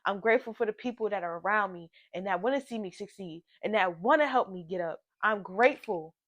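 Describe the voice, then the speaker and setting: A woman's voice: mid-range voice, brisk, fairly bright tone, no room sound. A woman vlogger giving an earnest motivational talk before reacting to a song, stacking repeated affirmations in casual slang.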